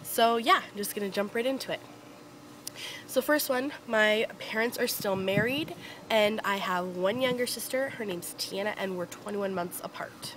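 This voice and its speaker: A woman's voice: mid-range voice, moderate pace, a bit bright, a little hiss or hum, poor audio. A young woman from Northern Ontario chatting casually to camera outdoors, with lots of fillers and a giggly, rambling way of telling stories. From Northern Ontario, Canada. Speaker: beauty vlogger.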